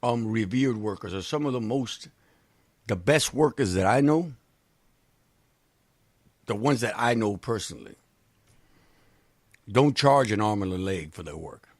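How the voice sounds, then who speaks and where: A man's voice: on the low side, a little slow, pauses often, dry recording. A man co-hosting a casual radio chat, telling stories bluntly and with swearing. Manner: blunt, animated storytelling with profanity. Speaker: co-host.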